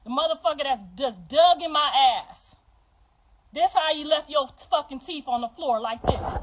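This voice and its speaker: A middle-aged woman ranting on a livestream, profane and confrontational, swinging between loud outbursts and hushed, bitter remarks. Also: high voice, animated, normal speed, low-quality recording. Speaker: livestream host. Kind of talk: emotional livestream rant.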